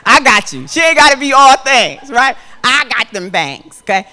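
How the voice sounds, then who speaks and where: A middle-aged woman giving a motivational talk to an audience. She speaks emphatically and conversationally, moving from soft asides to loud declarations. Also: on the high side, sing-song, moderate pace.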